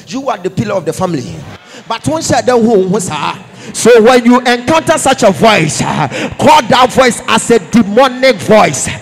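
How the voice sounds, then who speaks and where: A man preaching at a conference in a very high, gravelly voice with a husky edge. He moves between English and Twi, chants some phrases and shouts others, and keeps calling on the crowd to answer him. Soft music plays underneath. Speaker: prophet preaching. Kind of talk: call-and-response sermon. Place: large church conference hall.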